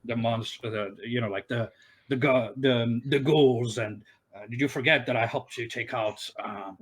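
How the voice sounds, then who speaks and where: A man's voice: medium pitch, normal speed, a bit bright, natural voice. A man voicing a boastful, proud male warrior who brags about his strength and complains about mages. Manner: boastful, indignant.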